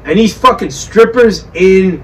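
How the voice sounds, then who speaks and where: A man's voice: high-pitched, unhurried. A man hosting a podcast, drunk, rambling and swearing as he riffs in casual chat. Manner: rambling, profane, riffing. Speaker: podcast host. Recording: distant mic with faint background noise.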